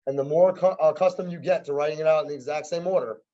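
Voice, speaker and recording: A man teaches a math class on logic in a relaxed, conversational way, with wry asides and frequent checks that students follow along. His voice sits a little high for a man. The recording is dull and lo-fi, as if captured in a classroom. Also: fast. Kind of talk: classroom lecture.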